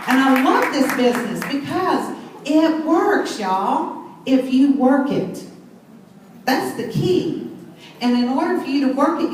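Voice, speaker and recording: A woman's voice: high-pitched, far from the mic. Enthusiastic woman in an echoey hall. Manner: enthusiastic, storytelling, addresses crowd. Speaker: speaker at a sales event. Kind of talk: motivational talk on stage. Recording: very echoey hall, mic set back, faint noise.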